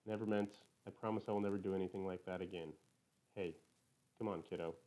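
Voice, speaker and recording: A man voicing an angry, remorseful middle-aged father who shouts and pleads, in a low, dark, fast-paced read. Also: fairly even intonation, natural voice, rough recording. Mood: pleading.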